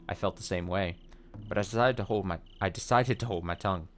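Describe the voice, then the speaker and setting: A man hosting a let's play, reading a visual novel's text aloud in a steady voice with short wry asides. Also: low-pitched, fast, a little hiss or hum.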